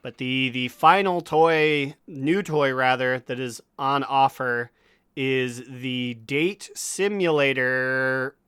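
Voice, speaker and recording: A man's voice: mid-range voice, slow, fairly bright tone, clear, resonant tone, no echo. A man co-hosting a casual gaming podcast, riffing wryly and laughing often, on a close mic. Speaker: podcast co-host.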